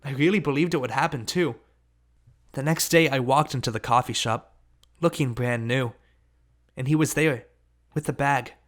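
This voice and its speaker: A man's voice: mid-range voice, moderate pace, long pauses. Man narrating an audiobook in a mid voice. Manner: steady first-person storytelling. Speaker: audiobook reader.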